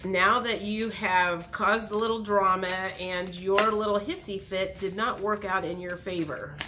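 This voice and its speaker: A woman's voice: measured pace, background noise. A woman reading tarot cards for her channel, thinking aloud as she turns each card and acting out imagined dialogue. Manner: lively, acts out dialogue with big pitch jumps. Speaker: tarot reader.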